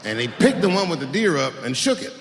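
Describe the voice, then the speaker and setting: A male stand-up comedian telling profane, animated stories on a large theater stage into a handheld mic. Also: on the high side, fast, very noisy. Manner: profane, animated storytelling with acted-out quotes. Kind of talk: live stand-up storytelling. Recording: reverberant hall with faint room ambience.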